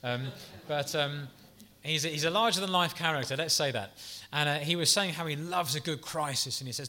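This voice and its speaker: A man preaching a sermon in an earnest, gentle, pastoral way, with soft asides and the odd restart. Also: a little high, fairly quick, few pauses.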